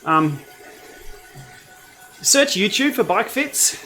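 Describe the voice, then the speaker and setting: A man's voice: sits high, sing-song, extremely slow, pushed and bright, soft background music. A man with an Australian accent hosting a casual cycling livestream, chatting in a laid-back way and answering viewer comments as he rides. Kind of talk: casual livestream chat while riding. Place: home training room.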